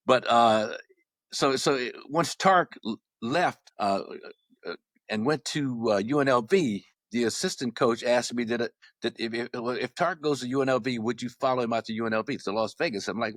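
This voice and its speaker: A man in his sixties from Los Angeles, a former basketball player telling stories as a podcast guest, animated and often repeating words as he restarts. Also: medium pitch, normal speed, no echo, clean studio sound. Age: 60s. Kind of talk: casual storytelling.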